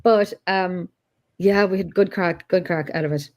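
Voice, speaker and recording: A woman's voice: on the low side, steady tone, measured pace, darkish tone. Chatty woman rambling. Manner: chatty, rambling, laughs often. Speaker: paranormal investigator guest. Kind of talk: casual chat.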